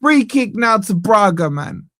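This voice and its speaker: A man's voice: high-pitched, big pitch swings, a little slow, sharp tone, no room sound. A man hosting a fan channel, giving live watch-along commentary on a match from a studio, ranting in exasperation and tagging "man" onto nearly every line.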